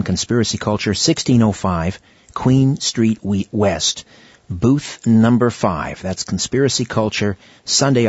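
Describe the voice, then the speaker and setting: A man's voice: on the low side, breathy edge, dry recording, highs cut off. A man hosting a talk show, giving plain announcements with frequent fillers. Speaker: radio talk show host.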